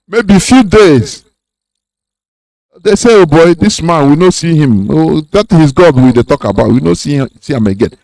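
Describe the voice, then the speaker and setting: A man's voice: sits high, a little mellow, no room sound, low-quality recording. A man hosting a radio show, explaining points in a sermon-like way with fillers. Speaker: radio host. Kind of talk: preaching radio talk.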